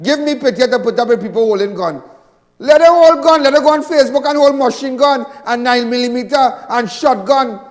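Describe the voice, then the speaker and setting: High-voiced Trinidadian man at a rally. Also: a little fast, big-room sound. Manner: emphatic, repetitive and mocking. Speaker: political rally speaker. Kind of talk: fiery political rally speech. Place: large multipurpose hall.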